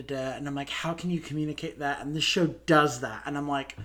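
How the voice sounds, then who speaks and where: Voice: medium pitch, fairly even intonation, fairly quick, few pauses, a bit bright. A podcast co-host in casual discussion, talking earnestly and with animation, often restarting sentences.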